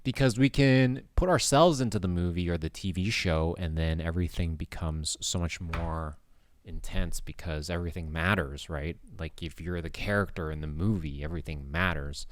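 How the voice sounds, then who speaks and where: A man's voice: sits low, moderate pace, no echo. A man vlogger talking in a casual, rambling monologue with many hesitations.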